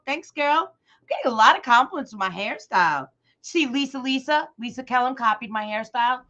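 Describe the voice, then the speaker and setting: Loud, excitable woman crafter. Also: sits high, highs cut off. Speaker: craft livestream host. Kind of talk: chatty live craft tutorial, greeting viewers. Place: at her craft table.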